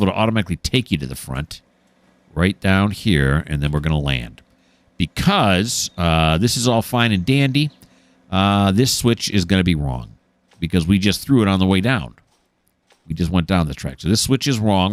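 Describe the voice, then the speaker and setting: A man with a low, deep voice talks casually over his gameplay and walks the listener through each move. He sounds keen and chatty, and faint engine and game ambience hums behind him. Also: slight background noise. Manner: enthusiastic, explains each step as he plays. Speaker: gameplay streamer.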